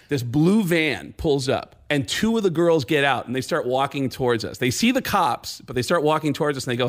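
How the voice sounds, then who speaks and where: A man's voice: animated, quick pace, few pauses, fairly bright tone. A Canadian man telling a comic story on a radio show, acting out everyone's lines and laughing as he goes. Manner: acts out other people's lines, pitch jumping high and low, laughing through the story. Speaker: comedian guest telling a story. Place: radio studio.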